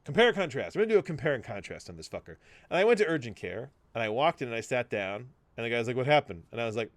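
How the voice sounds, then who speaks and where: Brief: male podcast co-host, lively swooping pitch, blunt swearing anecdote teller, dry close mic. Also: racing, dry recording. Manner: animated storytelling, swearing, acts out quoted voices. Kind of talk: casual chat.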